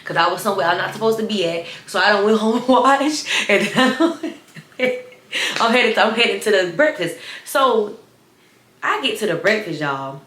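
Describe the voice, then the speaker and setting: A woman's voice: mid-range voice, moderate pace, roomy sound. A young adult woman with a slight lisp, chatting animatedly in a casual storytime. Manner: animated, chatty, addresses viewers as y'all. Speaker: storyteller vlogger.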